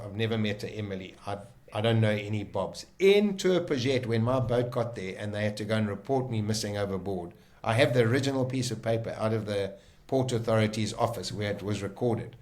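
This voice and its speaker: A middle-aged South African man telling his survival story vividly, acting out his own inner voices and swinging between loud and soft. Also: on the low side, fairly quick. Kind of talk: animated storytelling.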